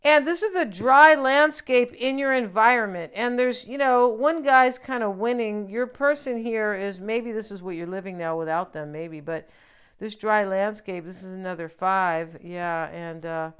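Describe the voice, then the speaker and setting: A woman's voice: mid-range voice, measured pace, a bit bright, clean tone. A woman giving a casual tarot reading, chatty and joking, with lots of fillers and asides to the viewer. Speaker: tarot reader.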